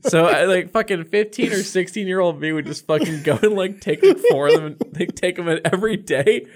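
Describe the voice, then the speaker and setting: A man's voice: high-pitched, brisk. A young man co-hosting a podcast, telling loose stories in casual chat, swearing often and laughing along as he goes. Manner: swears constantly, laughs through his own stories. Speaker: podcast co-host.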